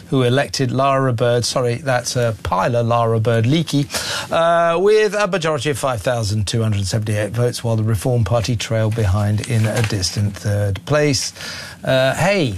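A male talk show host, mocking and incredulous, with frequent fillers. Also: mid-range voice. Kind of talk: opinionated broadcast talk.

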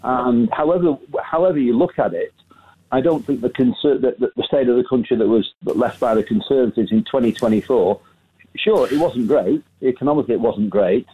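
A man calling into a radio phone-in, talking in a halting way with many restarts, heard over a phone line. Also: mid-range voice, warm tone, a little hiss or hum. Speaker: caller.

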